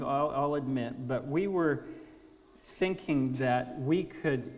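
A man's voice: mid-range voice, a little mellow. Earnest man speaking in a reverberant hall. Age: 50s. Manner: earnest, halting with restarts. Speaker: speaker at a conference. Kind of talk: testimony talk.

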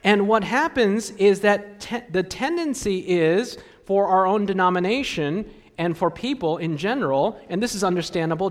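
The pastor, a man with a high voice, delivers his sermon in a church sanctuary, speaking conversationally and regularly asking the congregation questions. The room sounds large.

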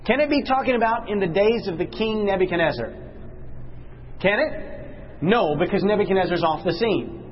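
A man with a fairly high voice teaches a Bible class, pressing the room with questions and then sinking low and slow for emphasis. The sound is a little dull and lo-fi, with faint room noise behind him. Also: lively intonation.

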